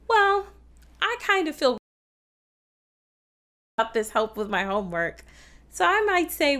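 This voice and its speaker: A fairly bright, high-ish female voice with big pitch swings moves at a measured pace with long pauses. On a kids' TV show, she gives a music lesson on opera, patient and encouraging toward children watching at home.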